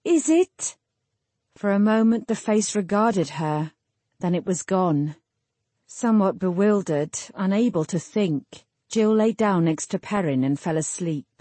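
A woman narrating a fantasy novel in a measured, lyrical storytelling manner. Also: fairly low pitch, warm tone, no room sound. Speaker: audiobook narrator. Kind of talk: scripted narration.

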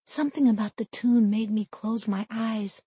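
A woman narrating a first-person audiobook in a wry, deadpan teenage voice. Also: a little high, moderate pace, husky, no room sound.

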